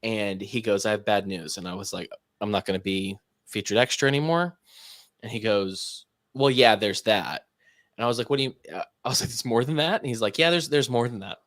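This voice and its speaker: A young man on a podcast casually telling an animated story and acting out the dialogue. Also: on the low side, brisk, dry recording, clean studio sound. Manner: animated anecdote teller, acts out quoted dialogue. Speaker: podcast co-host.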